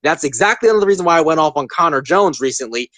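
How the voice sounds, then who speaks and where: A man in his twenties hosts a casual podcast, ranting emphatically and hammering his points home. His pitch leaps and dips with real animation. The sound is dry, with no room around it. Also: animated, racing, bright, forceful tone, no echo. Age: 20s. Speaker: podcast host.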